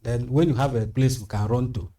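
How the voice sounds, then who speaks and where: A man, a guest on a studio panel, speaking in a measured way and repeating phrases for emphasis. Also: medium pitch, fairly even intonation, background noise. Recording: slightly distant mic.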